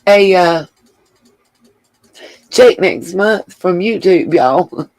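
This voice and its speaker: A woman's voice: fairly low pitch, extremely slow, long pauses, darkish tone, no echo, low-quality recording. A woman hosting a casual livestream, reading viewer comments aloud and thanking them with gushing endearments. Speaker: livestream host.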